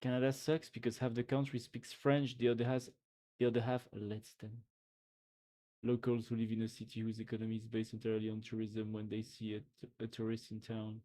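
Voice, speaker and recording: A man's voice: on the low side, completely flat delivery, brisk, mellow. A young man live-streaming at his desk mic, reading memes aloud and reacting with laughs and swearing.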